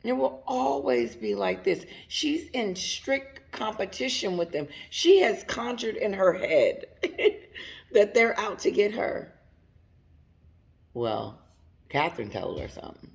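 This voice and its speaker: A woman's voice: mid-range voice, big pitch swings, slow pace, vocal fry. A woman giving casual commentary straight to her viewers, emphatic and laughing often. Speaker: commentary channel host.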